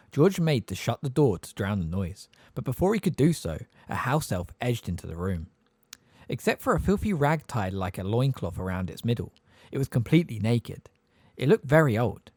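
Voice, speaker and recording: A man narrating an audiobook with expressive storytelling. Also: mid-range voice, breathy edge, no room sound. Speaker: audiobook reader.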